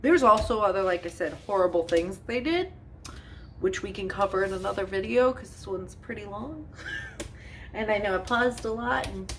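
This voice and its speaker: A woman's voice: medium pitch, very animated, normal speed, distant mic, a little hiss or hum. A woman chatting casually as she bakes in her home kitchen, telling a storytime with exasperation, lots of fillers and frequent laughs. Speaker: home cooking vlogger. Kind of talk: casual storytime while baking.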